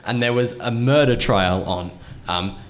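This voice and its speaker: Young male panel host from Australia, average pitch, chatty, rambling, self-interrupting. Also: measured pace. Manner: rambling, self-interrupting storyteller who laughs often. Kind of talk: casual convention panel chat.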